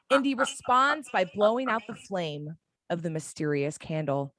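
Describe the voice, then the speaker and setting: A woman reading a screenplay's action descriptions as narrator of a fan audio drama, in a dramatic, measured way. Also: lowish voice, big pitch swings, a bit bright.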